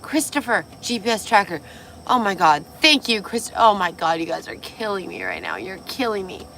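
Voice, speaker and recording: A woman hosting a casual livestream, a little tipsy and hoarse, gushing and swearing as she reads viewer comments. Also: medium pitch, very animated, normal speed, fairly bright tone, a little hiss or hum. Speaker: livestream host.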